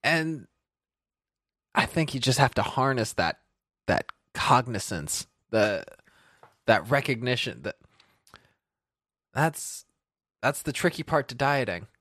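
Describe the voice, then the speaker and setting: A man's voice: medium pitch, sing-song, slow, long pauses, fairly bright tone, dry recording. Rambling self-mocking man, dry close sound. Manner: rambling, self-deprecating storyteller. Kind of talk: casual chat.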